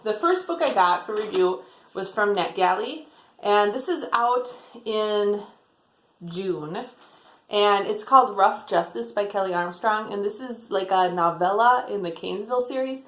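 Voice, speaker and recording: A woman's voice: mid-range voice, unhurried, roomy sound. A woman chatting casually about her book haul, rambling, with lots of "like" and "um". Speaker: book vlogger.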